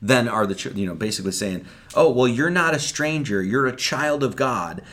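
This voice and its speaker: A man delivers a loose, conversational sermon, his pitch swinging widely as he acts out scripture dialogue. He talks like he's chatting with friends and throws in the odd swear word. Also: expressive, normal speed, a bit bright. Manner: conversational, acts out quoted lines, swears casually. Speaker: preacher. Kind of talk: casual Bible-study sermon.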